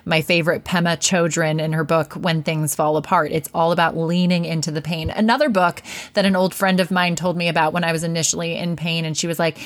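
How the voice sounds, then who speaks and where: A woman's voice: sits low, little pitch movement, brisk, dry recording. A woman life coach hosting a podcast interview, talking in a chatty coaching way and laughing often.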